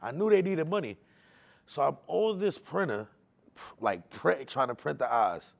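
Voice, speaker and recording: Guy with a gravelly, kinda high voice telling his testimony, slangy, repeats stuff, gets emotional, goes quiet then loud. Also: sing-song, measured pace. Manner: casual street slang, repeats words for emphasis; emotional, swings between hushed and loud. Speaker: testimony speaker. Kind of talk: personal faith testimony, storytelling.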